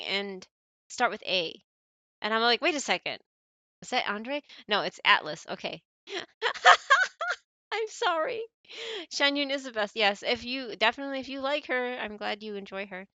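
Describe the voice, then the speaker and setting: In a dry recording, this American streamer's high-leaning voice sounds pushed and bright. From the United States, she chats casually with her chat, giggling often, apologizing, and rambling through plenty of fillers.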